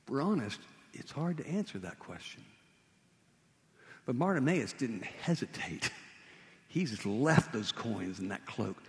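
An animated male preacher tells a story at a slow, deliberate pace. His voice rises and falls freely over a fairly high register. A long hall reverb trails each phrase. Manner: animated storytelling with vivid retelling. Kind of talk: sermon.

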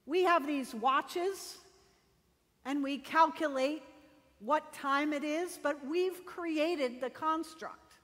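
A woman pastor delivering a sermon, telling a story slowly and deliberately with dramatic pauses. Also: high voice, a bit bright, long reverb tail.

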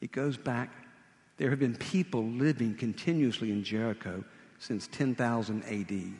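A man preaching a sermon, retelling a story in a vivid, animated way. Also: medium pitch, normal speed, big-room sound, a little hiss or hum.

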